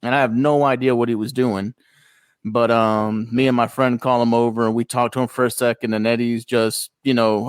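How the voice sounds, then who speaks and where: A man co-hosting a podcast, casually telling a story and getting animated when he quotes people. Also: medium pitch, moderate pace, clear, resonant tone, no echo. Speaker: podcast co-host.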